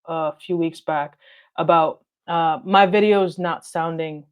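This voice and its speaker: A woman guest chatting in an interview, talking in a steady, direct way that she calls monotone and thinking aloud with frequent restarts. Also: sits low, slow, clean tone. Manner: calls her own delivery monotone, straight and direct; reflective, talks things through with frequent restarts. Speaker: guest, car detailing video creator. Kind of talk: casual interview conversation.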